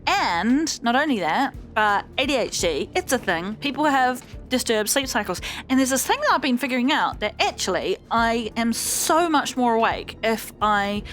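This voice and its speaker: A woman casually chatting and rambling as she hosts a let's play video, with animated swings in her voice. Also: fairly high pitch, moderate pace, hardly any pauses, soft background music. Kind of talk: casual gameplay commentary.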